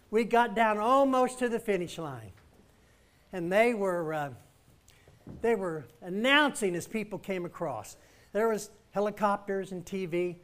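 A high-voiced male preacher delivering a storytelling sermon in a church. He speaks with emphasis and calls the congregation to repeat his words back. His voice sits well above the usual male range. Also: a bit bright.

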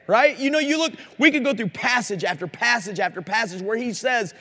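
High-voiced man preaching in an echoing hall. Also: a little fast, hardly any pauses, sharp tone. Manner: earnest, challenging, asks the audience direct questions. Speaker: speaker at a Christian conference. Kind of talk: sermon. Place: conference hall. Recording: live recording in a reverberant hall.

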